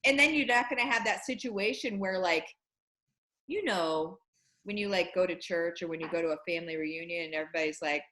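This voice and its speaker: Bright, animated woman host. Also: lowish voice, brisk, echoey room, rough recording. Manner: animated, emphatic, chatty with fillers. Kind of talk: casual chat.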